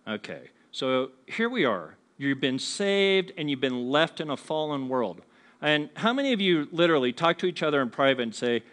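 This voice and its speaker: A man's voice: medium pitch, fairly bright tone. A man preaching a sermon to a congregation, conversational and humorous, often asking the listeners questions and acting out what people say. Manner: acts out what people say to each other. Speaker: pastor. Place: church before a congregation.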